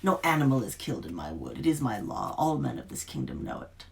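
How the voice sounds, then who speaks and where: A woman voicing a stern, cold forest witch who speaks in a rasping, toneless, quiet voice. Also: rumbling low, wildly swooping pitch, a little fast, pitched below the performer's own voice, full character voice. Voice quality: rasping, gravelly.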